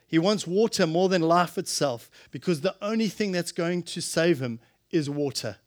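A man preaching a sermon, impassioned, swinging from loud exclamations to hushed, earnest tones. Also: on the high side.

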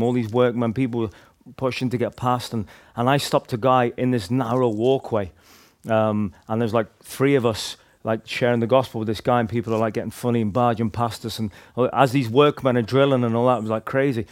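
A man tells his evangelism stories in a loose, casual way. His voice sits at an ordinary middle pitch. He rambles, restarts his sentences, and leans on fillers as he goes. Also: darkish tone, dry recording. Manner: rambling, heavy use of "like" and "you know", restarts. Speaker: street evangelist. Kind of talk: casual storytelling testimony.

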